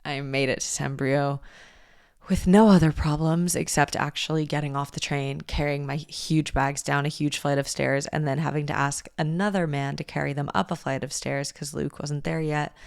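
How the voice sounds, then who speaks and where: Low, gravelly-voiced young woman. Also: normal speed, dry recording, studio quality. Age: young adult. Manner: candid, animated, swears freely. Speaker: podcast host. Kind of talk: casual storytelling monologue.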